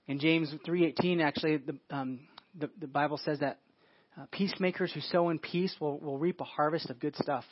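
A man's voice: on the high side, no room sound, highs cut off. A male pastor giving a conversational sermon, informal, often restarting phrases and asking the listeners questions.

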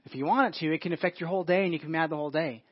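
A man's voice: fairly high pitch, very fast, husky, dry recording, muffled recording. A male pastor giving a conversational sermon, informal, often restarting phrases and asking the listeners questions.

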